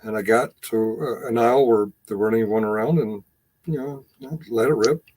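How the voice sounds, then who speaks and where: A man's voice: fairly low pitch, normal speed, darkish tone. A man hosting a casual chat, telling candid anecdotes and laughing often. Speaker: host.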